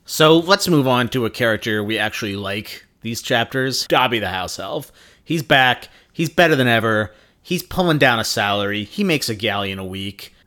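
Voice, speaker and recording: A man's voice: mid-range voice, lively intonation, normal speed, pushed and bright. Male co-host, medium voice; dry, wry, conversational. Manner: dry, wry, explains with numbers. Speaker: podcast co-host. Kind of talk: casual chat.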